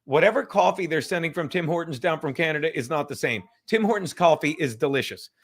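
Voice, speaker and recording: A man in his fifties chats loosely on a livestream from home, his voice sitting high for a man. He rambles, swears freely and laughs between his thoughts. Now and then he drops into a whisper. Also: expressive, fast talker. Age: 50s. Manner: rambling, profane, laughing, drinking while talking. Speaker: livestream host. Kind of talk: casual livestream chat.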